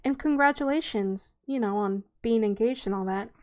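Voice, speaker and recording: Woman reads an effusive old carer, high, gushing, storybook. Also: moderate pace, a little mellow, lightly acted. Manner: shrieky, effusive. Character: gushing motherly older woman, orphanage carer.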